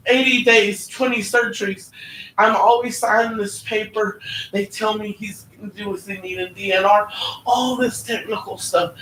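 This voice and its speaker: A woman's voice: a little high, a bit bright. A woman giving a heartfelt personal testimony at church, often asking "right?" as she goes. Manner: earnest, heartfelt, often tags lines with "right?". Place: church hall. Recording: roomy, distant, faint background hum.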